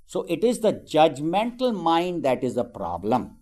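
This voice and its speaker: A man's voice: on the high side, huge pitch swings, a little slow, darkish tone. A man teaching about the mind and meditation in a conversational way, often adding "you know" and acting out everyday remarks. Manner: conversational, frequent "you know" asides, acts out everyday quotes. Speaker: spiritual teacher.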